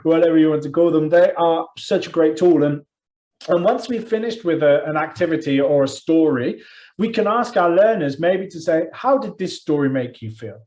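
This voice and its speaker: A man's voice: on the high side, moderate pace, darkish tone, highs cut off. A man co-hosting a teacher training webinar, jokey and self-deprecating in a loose, chatty way. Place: online webinar.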